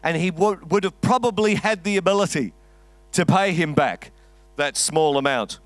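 A man's voice: sits high, moderate pace, no echo. A man preaching a sermon, telling a story with a wry, conversational humor. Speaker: pastor.

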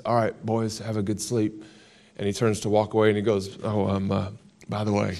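An American man, a guest in an interview, telling a long story with lively quoted lines. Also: on the low side. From United States.

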